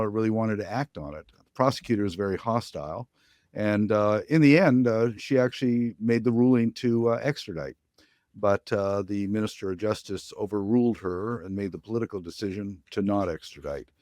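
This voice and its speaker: A man's voice: low-pitched, darkish tone, no room sound, clean studio sound. An older man answering interview questions as a guest, firm and plain-spoken. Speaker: guest, ocean activist.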